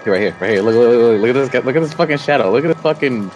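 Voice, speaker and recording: Brief: young male gamer, lively swinging pitch, bossy call-outs, with music underneath. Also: racing, muffled recording. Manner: bossy, swears, calls out directions. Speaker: gaming channel co-host. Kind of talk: casual gameplay banter.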